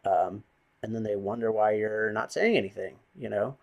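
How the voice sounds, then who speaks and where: A man's voice: on the low side, normal speed, creaky, lo-fi sound. A man vlogging a bitter, rambling, profane rant to the camera. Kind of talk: ranting monologue to camera.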